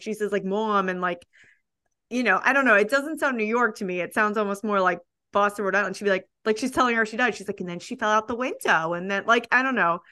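A woman's voice: medium pitch, bright, forceful tone. A woman in her thirties co-hosting a podcast, rambling in casual chat with lots of "like" and asides. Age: 30s. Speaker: podcast co-host.

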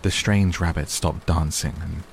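Slow, gravelly-voiced man reading softly. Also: deep voice, steady tone, slight background noise. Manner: gentle, hushed. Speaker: audiobook narrator. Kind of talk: soft bedtime story reading. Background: soft rain sounds.

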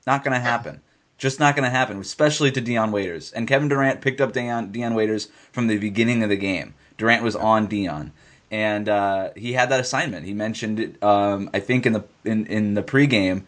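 A man co-hosting a sports podcast, arguing his point emphatically and repeating lines for stress. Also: on the low side. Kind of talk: casual sports talk.

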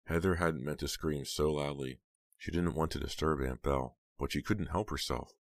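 A man narrating a horror audiobook in a measured, steady reading. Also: extremely low pitch, creaky, no room sound.

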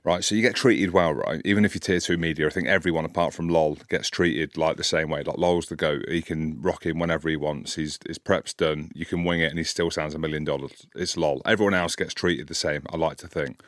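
A deep-voiced man in his forties spins a long anecdote on a podcast, easygoing but animated. When he acts out a quarrel he gets loud and climbs high. The sound is close and dry, with no room around it. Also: fairly quick, few pauses, dry recording. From Scotland. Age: 40s. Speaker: podcast co-host, rugby commentator. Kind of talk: casual chat, storytelling.

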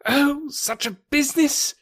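A shrill, frantic middle-aged doctor voiced by a man, his words tumbling out breathless and high. The sound is dry and close. He never settles. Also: measured pace, a bit bright, no room sound. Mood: distraught.

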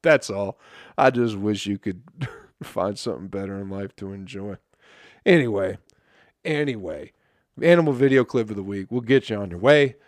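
A man's voice: lowish voice, normal speed, no echo. A man hosting a podcast, ranting with constant swearing and laughing at his own jokes, his throat dry. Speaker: podcast host. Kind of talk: profane comedic rant.

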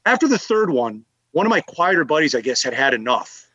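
A man's voice: on the high side, fairly quick, no room sound, highs cut off. A man who is a guest on a casual podcast, telling fishing stories and laughing a lot. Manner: animated, laughing anecdote-teller. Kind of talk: casual chat.

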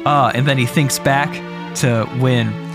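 Guy cohost riffing on a podcast, lively storytelling, music in the back. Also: medium pitch, moderate pace. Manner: animated, acting out characters. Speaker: podcast co-host. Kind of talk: casual comedy chat, retelling a story.

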